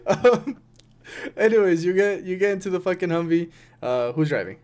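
A man's voice: high-pitched, big pitch swings, measured pace, darkish tone. A man narrating as game master in a casual tabletop game, rambling and swearing as he describes the scene.

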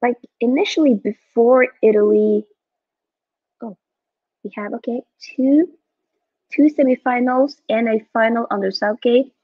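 Young woman yelling along to a football match on stream, breathy voice, dull dry lo-fi mic. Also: on the high side, measured pace, long pauses, dry recording. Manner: excitable, reads out viewer chat. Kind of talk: live match watchalong chat.

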